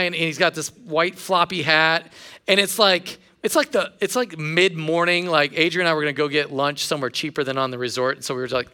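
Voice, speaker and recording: A man's voice: a little high, sharp tone, clear, resonant tone. A male pastor giving a sermon in a casual storytelling way, with self-deprecating humor.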